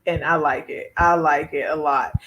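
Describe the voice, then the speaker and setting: A woman's voice: deep voice, little pitch movement, moderate pace, a bit bright, highs cut off. A woman, hosting a casual beauty live chat, chatty and laughing often as she reads viewer comments.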